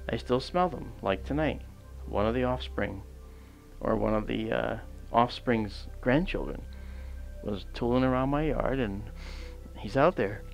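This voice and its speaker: Outdoors at night on his astronomy livestream, a man with a creaky, medium-pitched voice spins a long, casual anecdote. He rambles, restarting often and using many fillers, and animates the dialogue he quotes.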